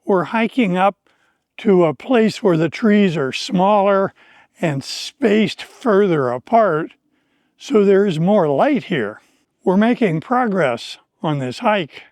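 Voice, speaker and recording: Slow, careful man teaching outdoors. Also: high-pitched, animated, a little mellow, dry recording. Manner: slow, deliberate, carefully explained speech. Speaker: English teacher. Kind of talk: slow, clear teaching narration on a hike. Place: outdoors on a forest trail.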